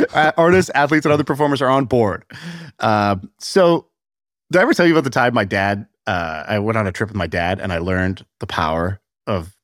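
A man's voice: medium pitch, no echo, studio quality. A man in his thirties, a podcast guest telling stories with lots of laughter. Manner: animated storyteller, laughs often. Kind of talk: casual podcast chat.

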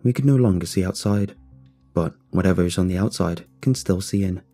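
A man narrating a first-person scary story in a calm, low-key way. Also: brisk, faint music behind.

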